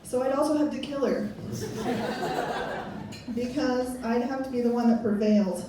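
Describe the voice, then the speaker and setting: A woman in her thirties doing stand-up comedy in a club, her slightly high voice rambling and self-mocking. She is caught from far off in a very echoey room. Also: moderate pace, background noise. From Pennsylvania. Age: 30s. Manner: rambling, self-mocking, laughing at own jokes.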